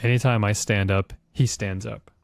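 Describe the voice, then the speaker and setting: A man's voice: lowish voice, steady tone, normal speed, gravelly, no echo. A man co-hosting a casual podcast over a remote call, laid-back and swearing freely. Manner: laid-back, swears freely, quotes people in put-on voices. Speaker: podcast co-host. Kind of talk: casual chat. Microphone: remote recording call.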